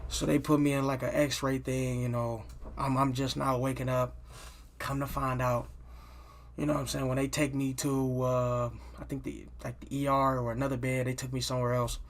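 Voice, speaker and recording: A man's voice: mid-range voice, flat delivery, moderate pace. A man telling a personal story in a casual, loose monologue. He swears freely, restarts his sentences and keeps adding "you know what I'm saying".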